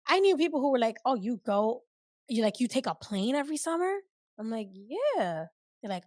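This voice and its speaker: A woman from the Bronx hosting a podcast, chatting casually, lively and quick to laugh as she acts out what people said. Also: on the high side, no echo. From Bronx, New York. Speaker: podcast host. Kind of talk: casual chat.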